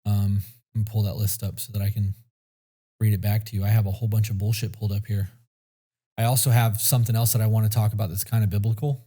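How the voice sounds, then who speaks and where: A man's voice: fairly low pitch, level tone, fast, warm tone, husky. A man co-hosting a podcast in casual chat, blunt and rambling, swearing freely. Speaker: podcast co-host.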